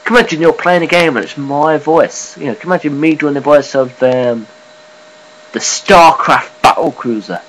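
A man giving a casual, rambling vlog update, swearing offhandedly and filling pauses. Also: fairly high pitch, steady tone, low-quality recording. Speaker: gaming and news vlogger.

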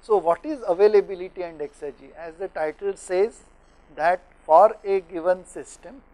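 In a lecture studio, a middle-aged man from India walks teachers through thermodynamics examples, stopping frequently with filler words. He has a high voice and a dark tone, and the audio quality is poor.

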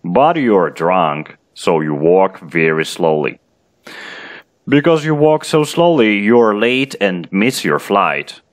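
A man whose first language is Russian teaches English in an online lesson, reading a story aloud and then asking questions about it. His voice is low-pitched and very animated, and he takes it slowly.

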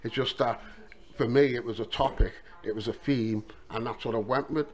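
A man's voice: medium pitch, moderate pace. Middle-aged man, Liverpool accent, podcast guest. Casual storyteller, easygoing and conversational. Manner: relaxed storytelling with many "you know" asides. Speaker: author and taxi driver.

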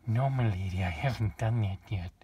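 A man's voice: on the low side, normal speed, warm tone, breathy edge. A man voicing a humble male servant who answers his lady meekly.

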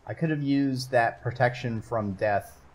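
Over background noise, a man with a medium-pitched voice speaks a little slowly while streaming a video game. His casual commentary is excitable, directed at himself and his audience, and full of swearing and yelps at the screen.

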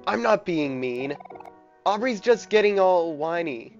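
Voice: medium pitch, lively intonation, measured pace, voice pushed up. A gamer voicing a cocky, teasing young boy with a spunky, brash manner, over a dull lo-fi mic with faint game music.

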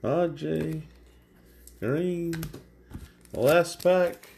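A man's voice: fairly high pitch, very slow, gravelly, a little mellow, slight background noise. A man hosting a card break, calling out card names one at a time as he opens packs. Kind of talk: live card-break commentary. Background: crinkling and tearing of packs.

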